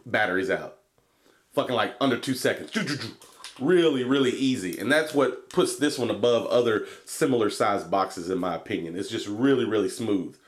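A man's voice: fairly low pitch, normal speed. Rambling, profane guy reviewing gear. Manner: rambling, profane, laid-back. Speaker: vape product reviewer. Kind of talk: casual product review vlog.

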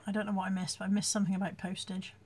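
A woman's voice: mid-range voice, level tone, racing, darkish tone. A British woman hosting a casual live chat from home, reading out viewer comments and laughing often as she talks into her phone. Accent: British English.

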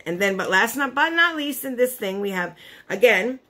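Choked up and near tears, a woman vlogger gushes emotionally while chatting to camera, filling her talk with "like" and "you know." Her voice is a little high, expressive, bright, and forceful, at a moderate pace.

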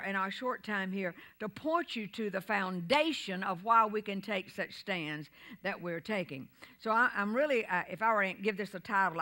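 Middle-aged woman pastor, bright and forceful, sermon with shouted peaks and call-and-response. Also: medium pitch. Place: church sanctuary.

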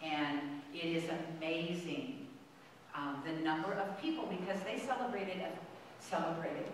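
A woman's voice: low-pitched, unhurried, slight background noise. A woman in her sixties giving a conversational spiritual talk, telling personal stories in a chatty, exclamatory way with frequent ums. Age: 60s. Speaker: speaker at a spiritual center. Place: large hall of a spiritual center. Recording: echoey hall, voice from far off.

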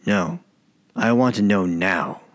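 A man's voice: lowish voice, takes it slowly. A man voicing a dying older male lawyer in an audiobook story, asking blunt, probing questions. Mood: firm.

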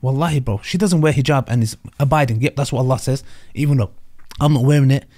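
A man hosting a reaction discussion, commenting in an animated way and mixing in Arabic religious phrases. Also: medium pitch, fast talker. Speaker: host reacting to a debate clip. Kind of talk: casual commentary.

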